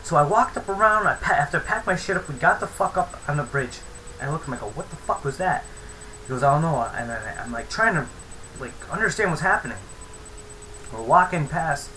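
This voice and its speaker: A man's voice: on the high side, lively intonation, fairly quick, sharp tone, a little hiss or hum, low-quality recording. A young man telling a rambling, profane story in a casual vlog. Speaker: vlogger.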